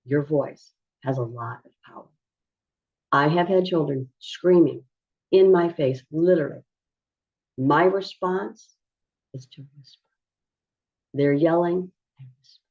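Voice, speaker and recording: A woman who coaches parents on autism, explaining behavior strategies in a calm, measured teaching style. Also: sits low, breathy edge. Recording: dull lo-fi recording.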